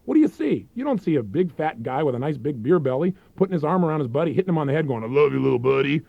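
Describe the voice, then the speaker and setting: A man presenting a self-help program in an emphatic, persuasive infomercial sales pitch. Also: sing-song, very fast, no room sound. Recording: dull, dry lo-fi recording.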